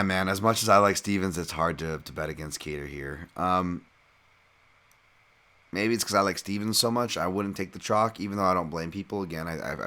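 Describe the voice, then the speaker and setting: A man with a very low voice hosting a podcast on his own. He talks in a loose, chatty way, drifting between points and dropping the odd swear word. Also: sharp tone. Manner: casual, profane, digressive, chatty. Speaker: podcast host, fight analyst. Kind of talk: casual solo fight breakdown.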